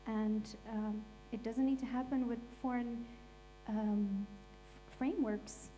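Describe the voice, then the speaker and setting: A woman's voice: on the high side, steady tone, takes it slowly, mellow, poor audio. Impassioned woman speaking on a panel. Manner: impassioned, blunt, emotional. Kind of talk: emotional panel reflection. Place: event stage. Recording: faint mains hum.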